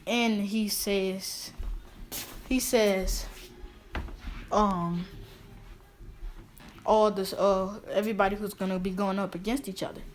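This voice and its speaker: Woman rambling thru a made-up fan story, uhs and restarts everywhere, average pitch. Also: fairly even intonation, slow, long pauses. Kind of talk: improvised fan story narration.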